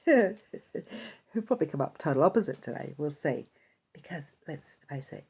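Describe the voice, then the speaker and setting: A woman with a slightly husky, breathy voice that sits on the low side gives a casual spiritual reading to camera. She chats loosely and thinks aloud as she works. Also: lively intonation, moderate pace, pauses often, a little mellow. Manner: chatty, thinking aloud, yawning and laughing. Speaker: intuitive channeler and reader.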